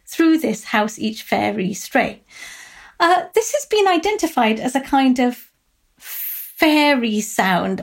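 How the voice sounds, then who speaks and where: A woman professor explains literature in a thoughtful lecture. Her voice sits high, and she pauses often with uh and um as she reasons aloud. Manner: thoughtful, with frequent uh and um.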